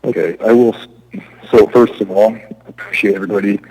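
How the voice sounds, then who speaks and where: A man from Alaska, an applicant giving halting testimony at a zoning hearing over remote audio. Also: on the low side, steady tone, dark tone, slightly rough, poor audio. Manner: halting, restarts often.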